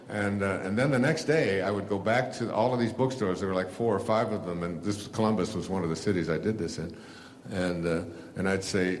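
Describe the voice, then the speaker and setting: A man's voice: fairly low pitch, fairly quick. An older man, an author telling a rambling story to an audience, full of fillers and restarts. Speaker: author and speaker.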